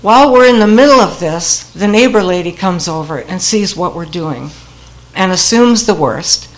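A woman's voice: fairly low pitch, expressive, moderate pace, poor audio. Wry older woman telling a family story. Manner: wry and humorous, laughing at her own story. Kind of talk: personal storytelling.

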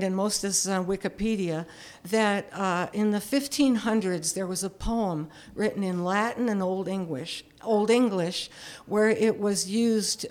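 A woman in her seventies telling a personal story in a candid, self-deprecating way, often chuckling. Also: mid-range voice. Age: 70s.

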